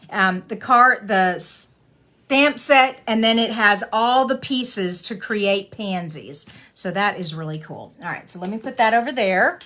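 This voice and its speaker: A woman's voice: medium pitch, a bit bright. A woman hosting a card-making channel, chatting casually and admiringly with many fillers as she shows cards. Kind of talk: casual craft show-and-tell.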